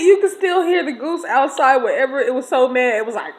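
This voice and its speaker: Woman, 30s, AAVE speaker, bright high voice, lively casual storyteller. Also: quick pace, hardly any pauses, poor audio. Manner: animated, laughing, slangy, talks to listeners directly. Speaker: storyteller host.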